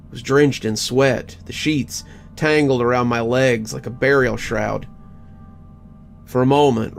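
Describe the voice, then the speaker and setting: A man with a gravelly, creaky voice at a middle pitch reads a first-person horror tale in measured, scripted tones. Soft music runs faintly beneath him. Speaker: horror story narrator.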